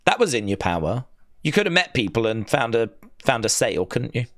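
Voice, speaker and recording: A man's voice: mid-range voice, sing-song, a little fast, a bit bright. A man streaming a watch-along, chatting casually and sarcastically while reading chat aloud. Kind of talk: casual live reaction chat.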